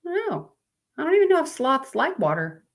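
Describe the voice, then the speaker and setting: A woman's voice: high-pitched, wildly swooping pitch, normal speed. A woman, chatting casually on a live stream, reading out fun facts to viewers in a rambling, sleepy way. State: sleepy, yawning.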